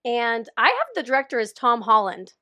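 A woman's voice: fairly high pitch, big pitch swings, normal speed, pushed and bright. A young woman co-hosting a podcast in casual chat, laughing often and swearing freely. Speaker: podcast co-host.

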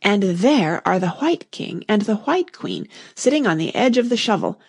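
A woman's voice: medium pitch, sing-song, normal speed, vocal fry, slightly rough, full character voice. A woman voicing a curious, polite young girl in a storybook reading, eager and chatty. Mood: hushed wonder.

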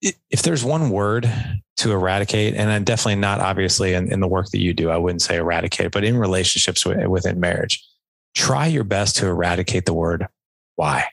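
A man's voice: low-pitched, a little fast, gravelly, dry recording, poor audio. A middle-aged man, a podcast guest, earnestly explaining communication skills in a conversational interview, acting out example dialogue. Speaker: podcast guest, dad coach.

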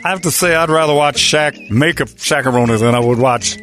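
A man's voice: on the high side, fairly quick, a bit bright, faint music behind. A man hosting a sports radio show, full of brash, teasing trash talk and joking banter.

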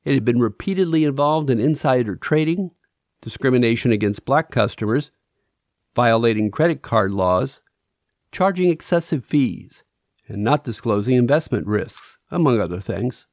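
A man's voice: medium pitch, expressive, normal speed, no room sound. A man narrating a podcast from a script, with dry, sardonic asides.

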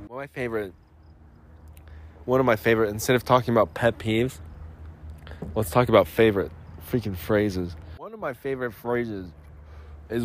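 A man hosting a solo podcast, rambling sarcastically about his day, clearing his throat and coughing now and then as he comes down with a cold. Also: medium pitch. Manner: sarcastic, self-mocking, puts on quick voices for quotes. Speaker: podcast host.

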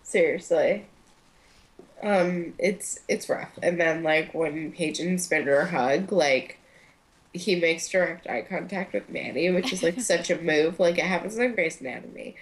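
A woman's voice: fairly low pitch, a little slow. A young woman co-hosting a podcast, chatting casually as she recaps a TV episode, with lots of fillers and acted-out quotes. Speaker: podcast co-host.

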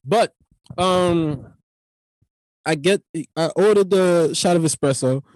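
A man's voice: high voice, takes it slowly, no room sound, studio quality. Profane New man telling stories. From New York. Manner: profane, animated, rambling. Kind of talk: comic storytelling monologue.

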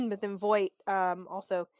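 A chatty woman talking through a TV episode with a co-host, animated and quick to act out lines. Her voice sits at a middling pitch and is recorded very dry and close. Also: no room sound. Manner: chatty and animated, acts out quoted lines, openly annoyed. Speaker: podcast co-host recapping a TV episode. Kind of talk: casual chat.

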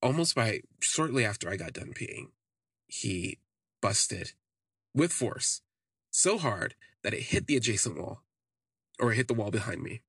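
Guy with a husky kinda gravelly voice just rambling thru a story, lots of "like"s, dry close sound. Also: lowish voice, sing-song, a little slow, long pauses, fairly bright tone, dry recording. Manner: rambling, frequent "like" fillers, candid. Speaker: podcast host. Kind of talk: casual first-person storytelling.

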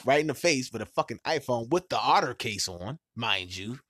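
A man hosts his podcast and tells stories in loose, profane talk. His voice sits at a middle pitch but swings widely as he acts out what others said. The sound is dry and close to the mic. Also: moderate pace, no room sound. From Washington, D.C. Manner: animated, profane, acts out quotes with big pitch jumps. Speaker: podcast host. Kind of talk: casual storytelling chat.

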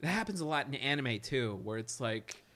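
A man's voice: mid-range voice, animated, moderate pace, bright, forceful tone. A man co-hosting a podcast in casual chat, making crude jokes and acting out quotes in his stories. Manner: crude jokey banter, acts out quotes. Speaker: podcast co-host.

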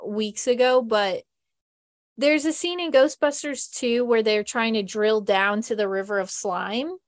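A woman's voice: fairly high pitch, measured pace. Chatty, laughing woman podcast host. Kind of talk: casual chat.

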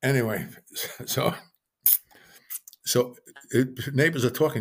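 An older man, an author, telling lively family anecdotes in a casual interview and acting out the people he quotes. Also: medium pitch, slow pace, long pauses, husky. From Brooklyn, New York. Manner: animated anecdote teller, acts out quoted voices, frequent restarts. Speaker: author guest.

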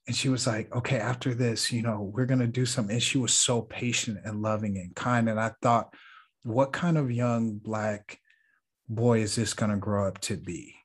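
Husky, earnest man telling a story. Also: on the low side, steady tone, normal speed. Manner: earnest, reflective, laughs often. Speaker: podcast co-host. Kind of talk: casual storytelling chat.

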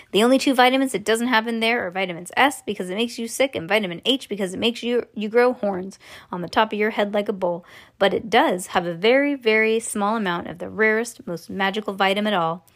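A woman reading a children's book aloud in an animated way, with joking asides. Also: medium pitch, fairly quick. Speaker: reader.

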